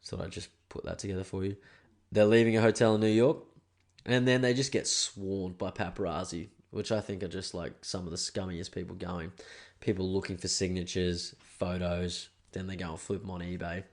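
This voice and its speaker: A man's voice: sits low, level tone, moderate pace. A young Australian man hosting a podcast alone, ranting casually and swearing. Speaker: podcast host. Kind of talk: solo podcast rant.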